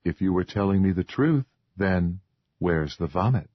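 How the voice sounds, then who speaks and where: A composed woman speaks in a measured, patient way in an audiobook, voiced by a man. The tone stays low and husky. The recording is dull and dry. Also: dry recording. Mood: firm. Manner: steady, patient, scolding gently. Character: calm firm young woman. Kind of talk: audiobook character voice.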